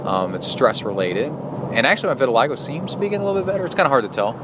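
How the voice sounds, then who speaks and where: A man's voice: medium pitch, animated, very fast, noisy background. A middle-aged man hosting a casual solo podcast, rambling with many fillers and restarts. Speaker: podcast host and triathlon coach.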